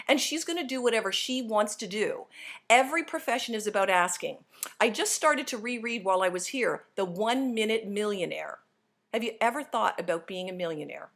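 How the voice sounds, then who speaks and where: A middle-aged woman giving a motivational coaching talk to her sales team, speaking in an energetic, emphatic and direct way. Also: high-pitched.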